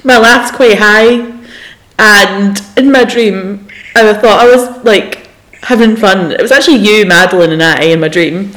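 A woman's voice: medium pitch, unhurried, a bit bright. A woman in her twenties, co-hosting a podcast in casual chat, telling stories with frequent laughter. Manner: giggly storyteller, laughs often. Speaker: podcast co-host.

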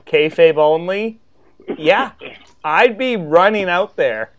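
Male podcast co-host, lively pitch, slightly higher voice, casual swearing banter. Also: takes it slowly. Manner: animated, swearing, acts out quotes. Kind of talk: casual chat.

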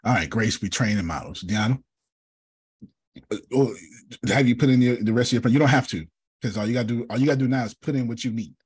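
A man's voice: mid-range voice, quick pace, husky, dry recording. A man hosting an online workshop in a casual, joking teaching style, often repeating himself for emphasis, heard over a video call.

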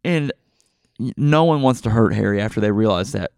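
A middle-aged man hosting a podcast, retelling a movie plot in a rambling, excitable way with many fillers and restarts. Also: lowish voice, fairly quick, creaky, no room sound, studio quality. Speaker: podcast host. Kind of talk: casual movie podcast chat.

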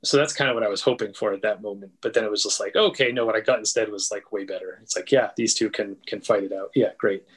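A man's voice: on the low side, fairly even intonation, fast, few pauses, husky. A man chatting casually about a TV episode, rambling through many fillers and swearing casually.

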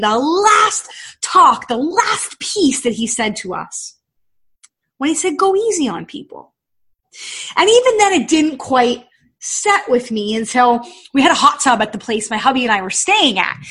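A middle-aged woman hosts a podcast, telling a personal story in an animated way and acting out what each person said. Her voice is fairly high and husky. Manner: animated, acts out quoted dialogue. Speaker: podcast host and health and fitness coach.

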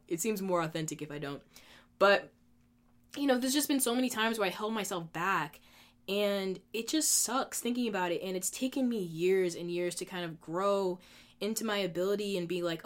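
A woman in her twenties hosts a podcast, speaking at a moderate pace in a mid-range voice. Her casual monologue is candid and emotional, filled with "like" and free swearing.

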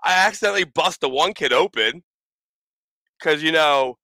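A man chatting casually, animated and often laughing as he acts out what people said. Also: fairly high pitch, normal speed, no room sound. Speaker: podcast guest, wrestler. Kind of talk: casual storytelling chat.

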